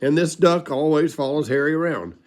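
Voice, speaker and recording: A man's voice: a little high, a little fast. An older man telling a rambling, folksy story from his childhood into a home recording, chuckling along as he goes.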